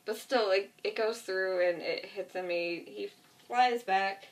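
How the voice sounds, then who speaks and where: A woman's voice: medium pitch, a little slow, slight background noise. A woman casually retelling a TV episode in a rambling way, full of fillers and asides. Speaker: vlogger. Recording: voice distant from the mic.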